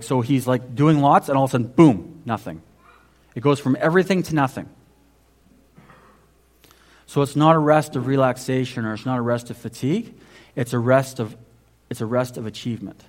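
Animated, higher-voiced male pastor. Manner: animated storytelling with big swings between loud and hushed; conversational, asks the congregation questions. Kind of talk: sermon.

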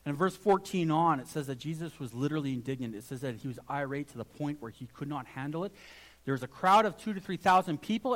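A man's voice: on the high side, expressive, fast talker. A man preaching a sermon with earnest emphasis, now and then restarting his phrases as he builds his point. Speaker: pastor.

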